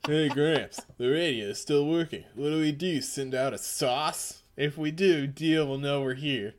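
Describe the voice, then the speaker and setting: A man's voice: fairly high pitch, measured pace, noisy background. A man co-hosting a podcast, casually recapping a comic, joking and acting out lines. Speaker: podcast co-host.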